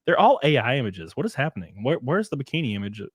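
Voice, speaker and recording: A podcast host from the Southern United States, with a Southern American accent, runs a laid-back, rambling livestream chat and laughs often. His mid-range voice is very animated, fast and a bit breathy, in a dry recording.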